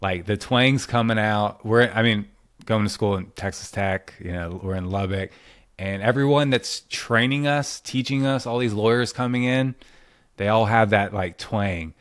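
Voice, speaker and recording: A man's voice: fairly low pitch, normal speed, a bit bright, smooth, no echo, studio quality. A man hosting a casual podcast, telling stories in a chatty way and laughing often. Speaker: podcast host.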